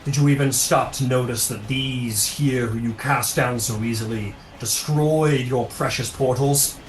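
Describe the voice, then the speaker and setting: A man's voice: medium pitch, steady tone, measured pace, roomy sound, a little hiss or hum, natural voice. Man voicing a stern celestial judge.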